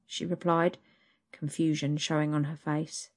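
A woman storyteller reading an adult story aloud in a slow, intimate way. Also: low voice.

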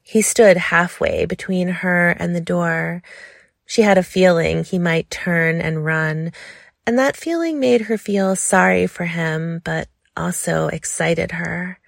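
A woman reads a sensual story slowly and softly, taking her time. Her voice sits low with a gravelly fry. The recording is close and dry. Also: no echo. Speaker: narrator. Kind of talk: sensual audiobook narration.

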